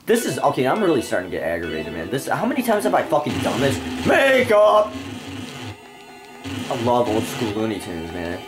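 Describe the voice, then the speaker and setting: Young man, profane gamer rant, irritable, swings wildly up and down in pitch, game music behind. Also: huge pitch swings, fast talker, hardly any pauses. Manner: foul-mouthed, irritable, ranting. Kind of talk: profane let's-play rant. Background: video game music.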